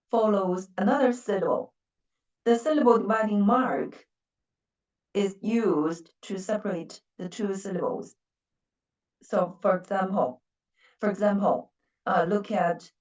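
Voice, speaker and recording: A woman's voice: mid-range voice, slow pace, a little mellow, reverberant, recorded from a distance, highs cut off. A woman with a Chinese accent and Mandarin as her first language, teaching a language lesson patiently and repeating words with stressed syllables.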